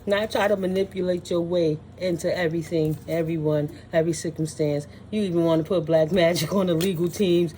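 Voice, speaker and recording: A woman's voice: lowish voice, fairly even intonation, a little fast, few pauses, dark tone, slight background noise. A woman doing a casual spiritual tarot reading, sassy and blunt, scolding with profanity and frequent laughs. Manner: scolding, dismissive. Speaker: tarot reader.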